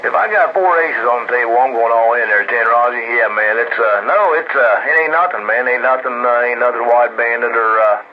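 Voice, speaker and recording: A man's voice: mid-range voice, brisk, hardly any pauses. A man on CB radio, laid-back, with slangy radio lingo and lots of fillers. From Ohio, US. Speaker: CB radio operator. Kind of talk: casual radio chat. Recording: muffled radio transmission with static.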